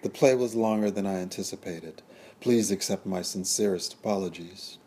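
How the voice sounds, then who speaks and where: A wealthy French sugar baron, lovesick and pleading, pouring out flowery devotion, as a man with a low voice puts him on. He speaks with a formal, romantic courtesy and sounds slightly lifted above the narrator's deep, dark tone. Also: moderate pace, slightly rough.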